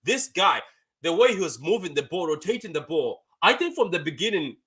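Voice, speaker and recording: A young man hosting a casual live football reaction stream, chatty and quick to laugh, reading viewer comments aloud and repeating his phrases. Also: fairly high pitch, sing-song, fairly bright tone, husky. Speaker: fan channel host.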